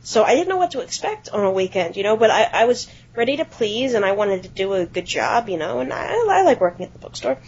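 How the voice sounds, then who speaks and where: A woman co-hosting a podcast, telling a workplace anecdote in a casual, animated way with some offhand swearing. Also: mid-range voice, fast talker, hardly any pauses, a little hiss or hum. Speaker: podcast co-host. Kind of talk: casual storytelling chat. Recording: dull lo-fi podcast audio.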